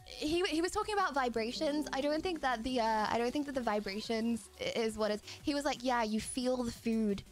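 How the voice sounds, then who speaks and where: A woman's voice: high-pitched, fairly quick. Chatty English girl streaming. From England. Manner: chatty, rambling, giggly. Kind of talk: casual live-stream chat. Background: quiet music.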